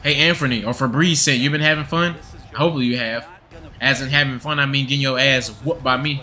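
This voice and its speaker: A man's voice: medium pitch, brisk, noisy background. A young man giving profane, trash-talking gameplay commentary with a hyped, joking manner. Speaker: gaming video creator.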